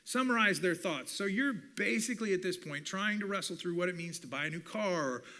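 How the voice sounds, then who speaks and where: A man who is a communications professor, giving an animated teaching talk at a church and acting out bits of dialogue. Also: high voice, a little fast. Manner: animated, acts out quoted dialogue.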